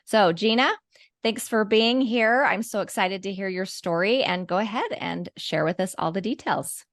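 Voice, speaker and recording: A woman's voice: medium pitch, moderate pace, dry recording, studio quality. A woman hosting a podcast, reading a short ad and then giving the guest an encouraging welcome. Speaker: podcast host. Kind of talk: ad read and interview welcome.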